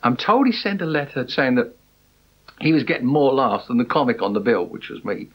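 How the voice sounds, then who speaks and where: A man's voice: medium pitch, brisk, slightly rough, dull audio. A man from England, a comedian giving an interview, telling anecdotes in a chatty way and laughing often. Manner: chatty, laughing, animated storyteller. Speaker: interviewee, comedian on the tour bill.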